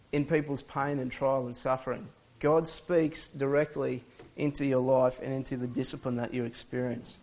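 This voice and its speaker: A male pastor, preaching in a conversational way and often restarting his sentences. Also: a little high. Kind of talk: sermon.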